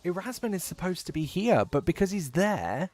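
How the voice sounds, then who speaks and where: A man's voice: high voice, big pitch swings, moderate pace, darkish tone, soft background music. A man from England with an English accent and a bit of Midlands, chatting casually and rambling while streaming a game, with frequent swearing. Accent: English, with a touch of Midlands. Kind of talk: casual livestream chat while gaming.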